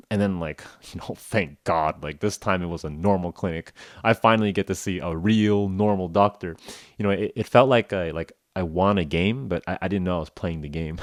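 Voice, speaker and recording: A man's voice: deep voice, moderate pace, no room sound, studio quality. A man hosting a podcast, telling a story casually and acting out the dialogue with laughs. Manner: animated, acts out dialogue with laughs. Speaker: podcast host. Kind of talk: casual storytelling for English learners.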